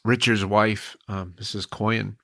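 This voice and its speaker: Gravelly-voiced man telling a personal story. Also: on the low side, fairly even intonation, slow, a bit bright, dry recording. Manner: earnest and reflective, with frequent restarts. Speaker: podcast guest.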